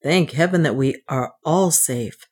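A woman reading the part of a male adventurer, brisk and reassuring toward his companions. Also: low voice, a little mellow, husky.

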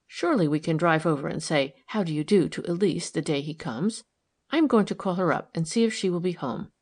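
A woman reading an audiobook, voicing a gentle, eager wife who talks breathlessly and tenderly. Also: on the low side, brisk, slightly rough.

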